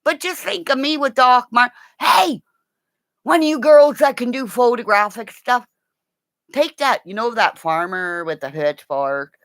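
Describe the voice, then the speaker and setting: Excitable, gasping middle-aged woman. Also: fairly high pitch, a little slow, no room sound, studio quality. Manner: excitable, gasping, drops into whispers. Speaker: livestream host. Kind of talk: rambling casual livestream chat.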